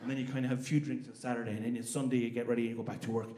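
A man with an Irish accent performing a stand-up comedy set in a club, animated and sweary, acting out characters. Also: mid-range voice, racing. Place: comedy club with a live audience. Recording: live club with crowd laughter.

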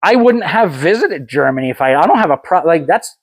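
A man talking as a podcast guest, frank and blunt as he tells his story. His voice sits a little high and moves around a lot in pitch, and it is recorded dry and close with no room sound. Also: very animated, a little fast, husky, dry recording. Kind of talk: casual conversation.

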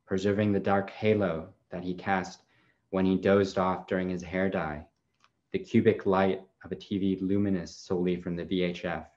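Man, very low voice, poetry reading, measured incantatory questions, dull lo-fi sound. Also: a little mellow. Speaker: poet.

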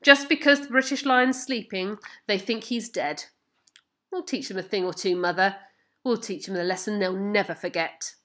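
A woman reading aloud as a blustering, patriotic middle-aged farmer who calls out loudly. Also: mid-range voice, moderate pace, natural voice. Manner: loud, boastful, shouting. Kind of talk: storybook reading.

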